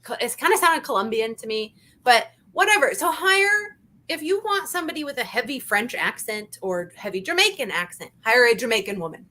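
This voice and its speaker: A woman hosting a casual review chat, talking in an animated, emphatic way and repeating her points. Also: a little high, a little fast. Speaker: channel host.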